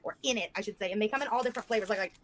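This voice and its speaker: A woman's voice: mid-range voice, very fast, a little hiss or hum. A woman on a casual livestream, reading out chat and explaining things in a chatty way. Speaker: streamer.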